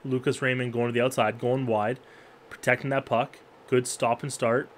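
A man giving excited play-by-play commentary on a hockey video game. He talks to the players on screen, jumps to loud, high-pitched yelling at big plays, then drops to low mutters. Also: moderate pace, slight background noise. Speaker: gaming YouTuber.

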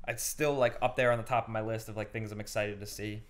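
A man's voice: lowish voice, fairly even intonation, fast talker. A man hosting a casual chat about video games, talking loosely and swearing freely. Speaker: gaming show host.

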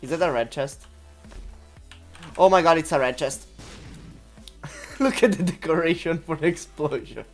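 A woman giving gameplay commentary, giggling often, breaking into loud laughter and swearing freely. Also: low voice, expressive, measured pace, long pauses, faint music behind. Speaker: let's-play gamer.

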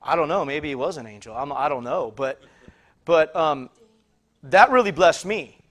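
High-voiced man preaching a story. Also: lively intonation, normal speed, a bit bright. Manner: rambling, repeats words, acts out quoted voices. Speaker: pastor. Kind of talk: sermon storytelling.

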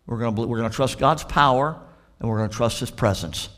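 A male pastor with a Southern American accent preaching a sermon, acting out dialogue between the characters in a lively storytelling manner. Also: medium pitch, quick pace. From Florida.

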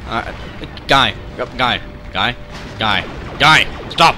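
A young man giving rambling, excitable gameplay commentary, often yelling in frustration. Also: mid-range voice, fairly quick, noisy background. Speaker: let's play gamer. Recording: commentary over loud game music. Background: game music.

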